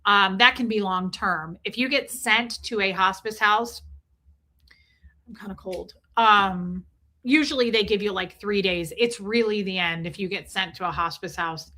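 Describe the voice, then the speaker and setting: A middle-aged woman hosts a casual livestream, her voice medium in pitch, bright and forceful, moving at a measured pace. She chats in a rambling, emotional way and thanks her viewers along the way.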